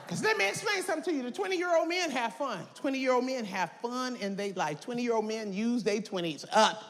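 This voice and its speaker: A woman, doing stand-up and shouting brashly at the audience. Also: a little high, big pitch swings, moderate pace. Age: 50s. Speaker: stand-up comedian. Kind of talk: stand-up comedy. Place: large live comedy venue. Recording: echoey hall, roaring live crowd, noisy.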